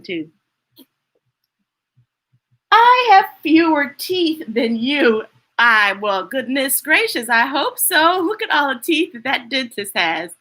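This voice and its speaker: Storytime reader, woman, high voice with big swoops, unhurried pacing. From United States. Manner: animated, laughing often, chatty asides to young listeners. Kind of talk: reading picture books aloud to children.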